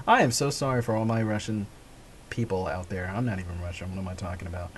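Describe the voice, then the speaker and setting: Speaking quickly in a fairly low, fairly even voice, a man rambles through a casual gaming-vlog monologue against slight background noise. He laughs a lot and keeps correcting himself.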